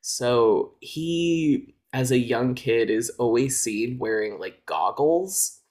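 A man's voice: mid-range voice, animated, takes it slowly, a little mellow. A man co-hosting a podcast, chatting casually and explaining things at length, with lots of "like" fillers. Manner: explanatory, filler-heavy with frequent "like". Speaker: podcast co-host. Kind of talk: casual chat.

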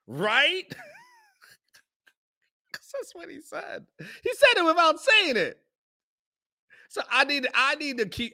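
A man's voice: fairly high pitch, sharp tone. A man hosting a live podcast, telling a story in loose slangy chat and chuckling often, into his own microphone. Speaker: podcast host. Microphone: own microphone on a live stream.

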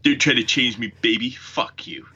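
A man's voice: mid-range voice, steady tone, normal speed, pushed and bright, slightly rough. A man co-hosting a podcast, blunt and heated, swearing heavily. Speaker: podcast co-host. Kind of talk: casual chat. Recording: dull lo-fi sound.

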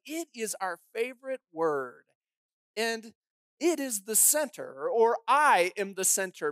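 A woman pastor delivers a sermon with dramatic, emphatic storytelling. She presses home her points with pointed rhetorical questions. The sound is close and dry, with no room echo. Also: medium pitch.

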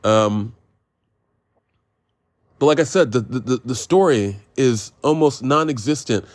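A man's voice: mid-range voice, animated, unhurried, no echo. A man hosting a podcast, reviewing a film in a rambling, sarcastic monologue full of swearing, digressions and self-mocking jokes. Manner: self-mocking, with jokey made-up phrases.

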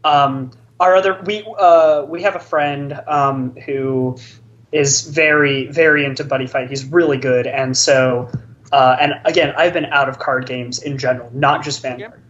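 In dull lo-fi audio, a podcast co-host rambles through the story of a card game match, often restarting and stammering in casual chat. The voice is mid-range, steady, unhurried, and a bit bright.

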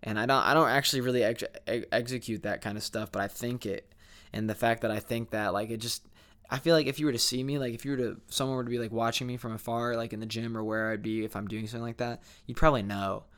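A man's voice: medium pitch, steady tone, quick pace, fairly bright tone. A young man talking candidly to camera in a rambling, reflective vlog monologue, full of fillers and restarts. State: sleepy, yawning. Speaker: vlogger.

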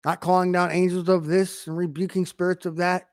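Male online preacher, fairly high voice, dry close sound, emphatic with rhetorical questions and sudden loud swells. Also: flat delivery, fairly quick, few pauses, no room sound. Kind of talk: online sermon to camera.

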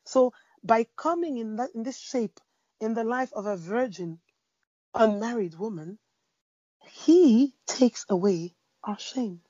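A woman preaching in conversation, spinning a story with plenty of restarts and fillers. Her voice sits a bit high and sounds husky and mellow. The recording is dry and somewhat dull. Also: animated, slow, dry recording. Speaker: Christian speaker.

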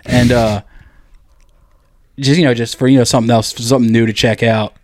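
A man co-hosting a podcast tells a crude anecdote at mid pitch. He rambles, swears freely and fills his talk with "like". The sound is dry and close. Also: fairly even intonation, fairly quick, dry recording. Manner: rambling, profane, lots of "like". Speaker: podcast co-host. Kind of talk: crude casual storytelling.

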